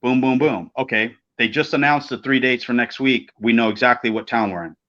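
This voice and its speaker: A man's voice: medium pitch, brisk. Profane, storytelling man, dull lo-fi audio. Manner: profane, animated storyteller who acts out quoted voices. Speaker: podcast co-host, former pro wrestler. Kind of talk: casual storytelling chat.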